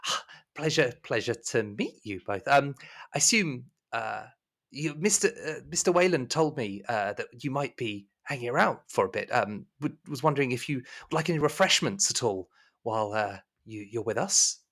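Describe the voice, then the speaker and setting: A man's voice: mid-range voice, animated, moderate pace, fairly bright tone. A man voicing a tall, smiling woman maid in her fifties who greets guests with eager, unblinking politeness. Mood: eager polite.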